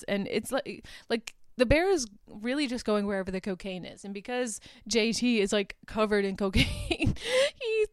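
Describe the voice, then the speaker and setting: A woman's voice: medium pitch, darkish tone, clear, resonant tone, dry recording. A woman hosting a podcast, recapping a movie in a casual, chatty way with frequent laughs and filler words. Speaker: podcast host.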